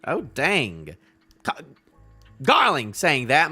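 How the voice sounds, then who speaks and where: A young man hosting a casual live reaction stream, talking in animated, rambling asides full of restarts. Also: medium pitch, slow, slightly rough, soft background music. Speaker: host reacting to a new comic chapter.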